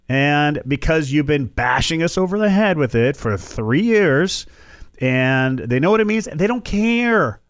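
A man hosting a political talk show, giving animated, opinionated commentary and mocking his opponents. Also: on the high side, dry recording, clean studio sound.

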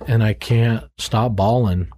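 A man's voice: fairly low pitch, fairly even intonation, slow, warm tone, dry recording, clean studio sound. A middle-aged man telling his story in an earnest, frank way, often repeating words as he searches for them. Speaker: guest, former drug dealer turned ministry worker. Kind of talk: candid testimony in conversation.

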